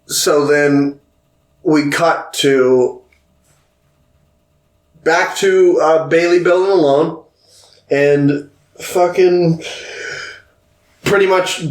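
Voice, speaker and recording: A man casually retelling a movie plot on a podcast, animated and quick to swear. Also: on the high side, echoey room. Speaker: podcast co-host. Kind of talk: casual film recap chat.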